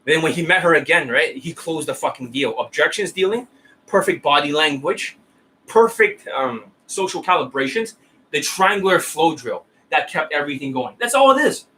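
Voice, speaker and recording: A hoarse man lecturing his viewers as a dating coach, profane and combative, firing off rhetorical questions. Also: on the high side, lively intonation, normal speed, sharp tone, slight background noise. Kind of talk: ranting monologue to viewers.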